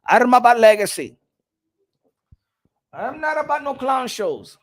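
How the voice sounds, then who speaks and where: A man's voice: very high voice, sing-song, unhurried, pauses often. A man hosting a casual boxing live stream, talking loosely in slang and muttering to himself while he checks who is on.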